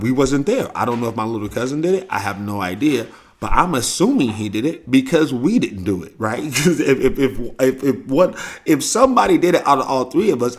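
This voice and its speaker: With a medium-pitched, slightly rough voice, a St. Louis podcast host shares a family story in a casual, foul-mouthed way. He performs the quoted lines in character.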